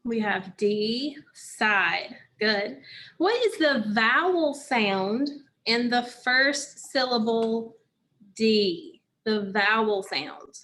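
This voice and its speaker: A slightly high, fairly bright voice belongs to a woman teaching phonics. Patient and unhurried, she asks her own questions and answers them.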